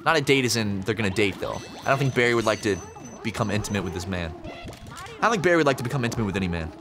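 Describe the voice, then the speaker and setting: A man's voice: on the low side, expressive, very fast, music in the background. Rambling young man telling a story. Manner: rambling, profane, lots of fillers. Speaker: podcast co-host. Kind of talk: casual storytelling chat.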